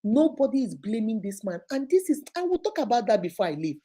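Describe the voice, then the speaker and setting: A woman hosting an advice show, talking in a casual, animated way and firing rhetorical questions at her listeners. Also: fairly high pitch, brisk, slightly rough.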